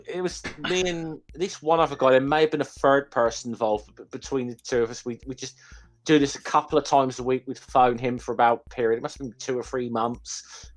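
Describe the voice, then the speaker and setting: A man tells a long rambling story on a group call, his voice sitting at an ordinary middle pitch. He swears often and trips over his words, starting sentences again as he goes. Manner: swearing, rambling anecdote with restarts. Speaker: quiz show guest. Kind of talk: casual storytelling chat.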